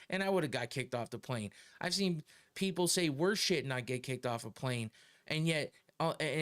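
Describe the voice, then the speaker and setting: A man's voice: on the high side, fairly bright tone, clear, resonant tone. A middle-aged man hosting a podcast, ranting heatedly and swearing a lot, with frequent laughs. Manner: profane, heated, laughs often. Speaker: podcast host. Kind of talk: casual opinion rant.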